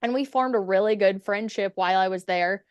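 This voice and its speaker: A woman's voice: mid-range voice, fairly quick, clean tone, dry recording, muffled recording. A woman chatting as a podcast guest, telling stories casually, swearing freely and acting out the quotes. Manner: chatty, profane, acts out quotes. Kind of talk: casual storytelling.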